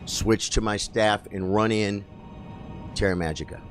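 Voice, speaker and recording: A man giving excitable, chatty live commentary while streaming a game and talking to his chat. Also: fairly low pitch, a little slow, soft background music.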